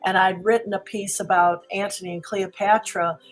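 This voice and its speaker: A woman's voice: mid-range voice, fairly even intonation, moderate pace, faint music behind, rough recording. A woman comedy teacher chatting as a guest, rambling and restarting as she tells stories. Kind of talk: casual interview chat.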